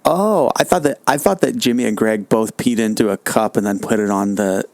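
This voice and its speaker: A man hosting a casual podcast chat, easygoing and quick to laugh, swearing casually as he tells old stories. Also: on the low side, gravelly, no echo.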